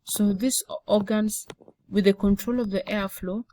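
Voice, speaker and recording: A woman's voice: medium pitch, fairly even intonation, moderate pace, mellow, slight background noise, poor audio. A young adult woman teaching a lecture-style lesson, often repeating words and checking in with "okay?". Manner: repetitive, frequent "okay?" check-ins. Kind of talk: explanatory classroom lecture.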